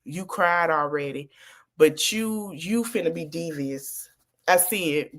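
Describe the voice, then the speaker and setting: A woman's voice: deep voice, slow. A woman podcast host, giving blunt commentary on a clip and talking straight to her viewers. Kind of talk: reaction commentary.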